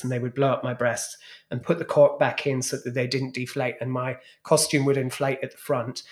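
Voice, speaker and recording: In this podcast interview, the guest, a man who once worked as a club DJ and drag performer, recounts his past stage acts. His voice sits at medium pitch and moves at a moderate pace, and his storytelling is lively, frank and bawdy.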